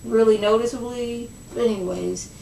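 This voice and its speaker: A young woman casually recapping a reality show episode, chatty and gossipy, acting out quoted lines in a lower voice. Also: fairly even intonation, normal speed, creaky, dark tone, a little hiss or hum. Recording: echoey room, mic at a distance.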